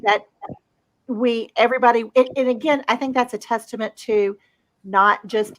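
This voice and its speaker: A woman's voice: on the high side, normal speed, a bit bright, no echo, poor audio. A woman co-hosting a casual chat, speaking in an earnest, encouraging way. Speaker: co-host.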